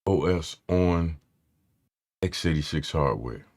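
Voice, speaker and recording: A man's voice: extremely low pitch, animated, slow pace, a little mellow. A man hosting a casual tech live stream, loose and slangy, greeting his chat by name. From Philadelphia area.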